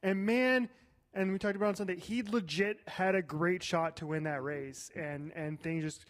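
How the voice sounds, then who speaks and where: Man, high voice, enthusiastic, slangy, casual chat. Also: fairly even intonation, normal speed. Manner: enthusiastic, uses "legit" often. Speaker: co-host.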